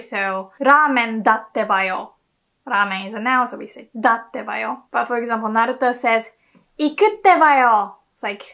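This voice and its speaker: A young woman with a Japanese accent, a native Japanese speaker, teaching a casual language lesson in a chatty way with lively examples. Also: fairly high pitch.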